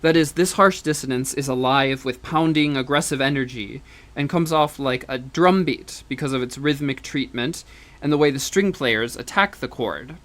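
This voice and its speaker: A man's voice: mid-range voice, moderate pace, a bit bright. A man giving a university music lecture, explaining step by step, counting beats and humming rhythms, with frequent fillers and restarts.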